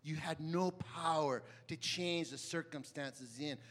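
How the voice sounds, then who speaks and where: Bright high-pitched male preacher. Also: measured pace. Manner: emphatic, dramatic swings from loud to hushed, asks the audience questions. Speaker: pastor. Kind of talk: sermon.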